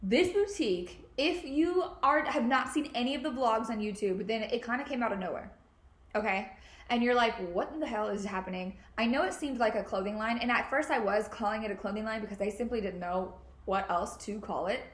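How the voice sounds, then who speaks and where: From home, a woman in her twenties hosts a casual podcast in a slightly high voice at a fairly quick pace. Her chatter is bubbly, and she laughs and curses freely. Her podcast mic records in an echoey room.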